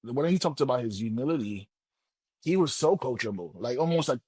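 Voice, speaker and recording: A man speaks as a guest book coach in a podcast interview. He talks in a loose, colloquial way and animates his stories by acting out what people say. His voice sits at a middling pitch and sounds dry and close. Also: brisk, slightly rough, no room sound. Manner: colloquial, animated storyteller who acts out quotes. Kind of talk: casual interview talk.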